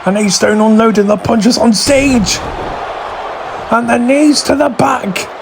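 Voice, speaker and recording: A man giving excited play-by-play wrestling commentary, shouting through near falls, his voice going hoarse from screaming. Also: very high voice, a little slow, background noise. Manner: shouting near counts, voice straining.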